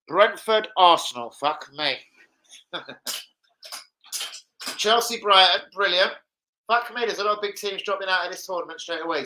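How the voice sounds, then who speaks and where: A man's voice: high-pitched, animated, moderate pace, bright, forceful tone, poor audio. A man chatting live to viewers about football, with sweary, blunt banter. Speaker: football fan streamer. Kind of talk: casual live-stream chat.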